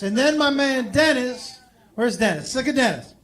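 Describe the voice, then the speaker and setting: High-voiced male comic working a crowd. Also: a little slow. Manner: animated, swings from quiet asides to loud punchlines. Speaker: stand-up comedian. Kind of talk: stand-up storytelling to a live crowd. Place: comedy club stage before an audience. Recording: live club recording with audience noise.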